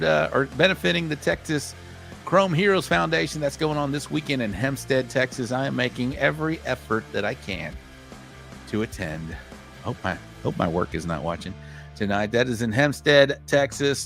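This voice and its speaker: A man's voice: mid-range voice, creaky, bright, forceful tone. A man hosting a live online show, reading out a list of upcoming events in a rambling, self-correcting way. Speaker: podcast host.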